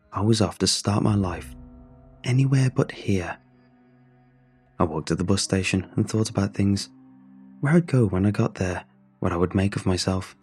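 A man narrating a scripted horror story in a measured, brooding way, with drawn-out pauses. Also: fairly low pitch, a little mellow, slightly rough. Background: faint music.

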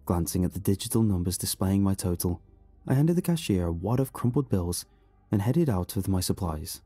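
A man reading a horror story aloud in a slow, hushed, brooding way. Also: low-pitched, animated, slightly rough, no echo, soft background music. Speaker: narrator. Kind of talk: scripted horror narration.

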